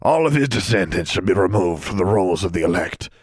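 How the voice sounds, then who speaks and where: A man's voice: sits low, lively intonation, a little fast, breathy edge, no echo. A man voicing a hateful, very old male wizard who speaks in a dry, conversational tone. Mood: contemptuous.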